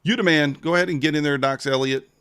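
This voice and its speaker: A man's voice: fairly high pitch, fast talker, fairly bright tone, smooth, dry recording, clean studio sound. A man hosting a casual trading livestream, chatting with viewers and counting down a giveaway.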